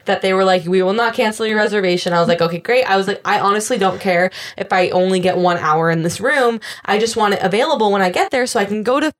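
Woman, casual chat, expressive, swears, mimics others, mid pitch. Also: fast, few pauses. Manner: expressive, swears freely, mimics people she quotes.

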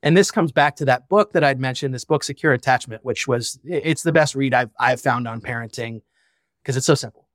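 Here the founder and father on the podcast speaks fairly quickly in a mid-range voice, open and reflective, tossing in casual swearing. It's a candid conversational interview captured in a dry, studio-quality recording.

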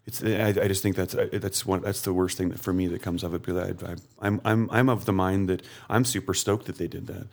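Low-voiced male guest, halting restarts, eager about art. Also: steady tone, creaky. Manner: halting, many restarts, enthusiastic. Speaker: podcast guest, artist. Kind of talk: casual conversation.

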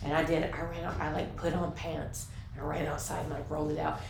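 A woman co-hosting a podcast in casual chat, talking in an animated way with many fillers. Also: sits low, a little fast, vocal fry. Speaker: podcast co-host. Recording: roomy with faint background hiss.

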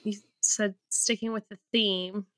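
A woman's voice: mid-range voice, fairly even intonation, measured pace, fairly bright tone. A woman, a guest on a podcast, chatting casually; she sounds nervous, laughs often and runs herself down. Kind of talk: casual chat.

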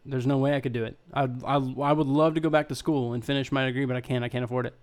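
A man co-hosting a casual podcast chat, his voice clean and smooth at an ordinary middle pitch. He rambles and restarts, circling his point with a dry, sarcastic edge. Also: steady tone, fast talker. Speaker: podcast co-host.

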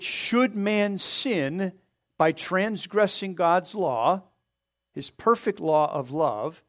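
A man pastor preaching a sermon, earnest, pressing his points hard and then letting them fall soft. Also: sits high. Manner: earnest preaching with rising emphasis and soft drop-offs; asks the congregation to open their Bibles.

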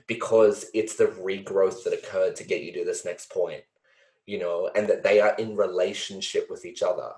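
A man's voice: sits low, steady tone, normal speed, darkish tone. A man hosting a podcast who talks earnestly and with feeling, thinking aloud with many fillers and the odd swear. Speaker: podcast host. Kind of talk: reflective conversation. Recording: roomy echo.

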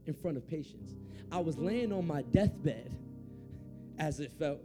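A high-pitched man preaches a personal testimony, swinging between hushed, low moments and loud, fired-up passages. Faint music plays under his voice. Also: animated, unhurried. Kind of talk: sermon storytelling.

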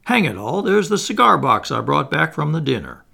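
A male reader doing an elderly gentleman of the old school, pitched higher and louder than the narration. The voice keeps a gravelly edge, hesitant and nervous with forced cheer. It is a figure in a storybook reading. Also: very animated, normal speed, exaggerated voice. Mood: bewildered, jovial. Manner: hesitant, dazed, then hearty and nervously jovial. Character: flustered respectable elderly English gentleman.

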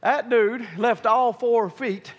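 A male preacher, telling a folksy story in his sermon that builds into shouted preaching. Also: very high voice, fairly even intonation, slow pace. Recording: long reverb of a large hall.

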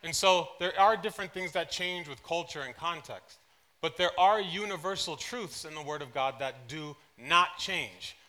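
A man preaching a sermon to a church congregation, telling personal anecdotes in an animated way, dropping to soft asides and then rising into loud excited bursts. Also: a little high, moderate pace. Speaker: pastor. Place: church service.

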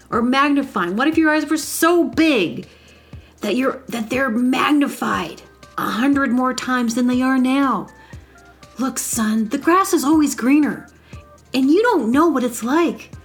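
A woman's voice: high-pitched, pitched above the performer's own voice. Woman doing a chipper, preachy optometrist man. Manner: cheerfully lecturing, folksy pep talk. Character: relentlessly upbeat male optometrist, folksy and preachy.

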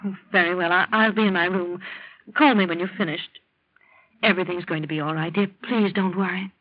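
A woman's voice: fairly low pitch, steady tone, a little fast, lightly acted. A woman playing a devoted, anxious wife in a 1940s radio drama, soothing and pleading. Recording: dull lo-fi old radio recording with faint hiss.

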